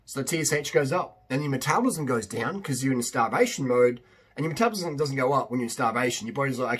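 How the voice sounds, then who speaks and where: A husky-voiced man talks straight to his audience as a fitness coach. His monologue is casual and rambling, punched up with emphatic repeats. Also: mid-range voice, lively intonation, fast talker, fairly bright tone.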